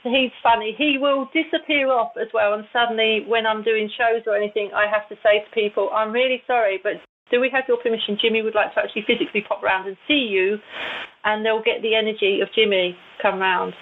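A woman, a guest on an interview, telling stories in a chatty, animated way with frequent laughs. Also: fairly high pitch, brisk. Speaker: guest, intuitive and channeler. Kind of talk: casual storytelling in an interview. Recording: tinny phone-like line with faint hiss.

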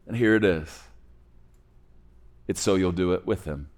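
A young man with a fairly low voice preaches a sermon. He builds to loud, emphatic peaks, then drops to quiet, hushed endings. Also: unhurried, pauses often. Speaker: pastor.

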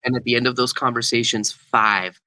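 A man's voice: medium pitch, fairly even intonation, a little fast, bright, forceful tone, dry recording, poor audio. A young man who is a guest speaker, telling a story animatedly in an interview and acting out the quotes. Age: young adult.

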